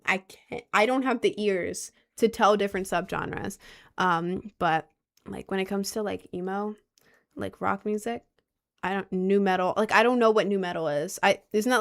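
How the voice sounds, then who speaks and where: This young woman vlogger chats casually at a moderate pace in a mid-range, fairly bright voice. She rambles and sounds unsure of herself, filling her talk with fillers and restarts.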